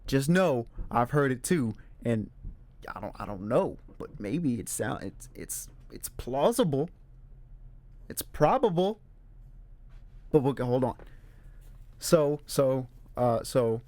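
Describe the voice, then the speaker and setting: A man's voice: mid-range voice, takes it slowly, long pauses, no room sound. Young man chatting about a movie. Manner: animated retelling, acts out character quotes. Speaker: movie reviewer host. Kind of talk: casual film discussion.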